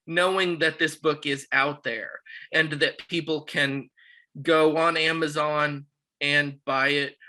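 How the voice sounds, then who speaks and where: Male interview host, higher voice, very bright tone, encouraging and friendly. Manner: friendly, encouraging, with frequent affirmations. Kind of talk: casual interview chat.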